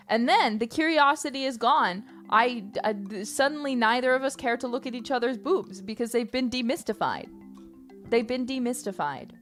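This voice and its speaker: A woman livestreamer rambling playfully and loudly to her chat. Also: fairly high pitch, moderate pace, soft background music.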